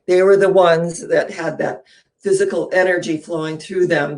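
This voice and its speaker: Woman minister, sermon, gravelly voice, storytelling, rhetorical questions, hushed whispers. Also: fairly low pitch.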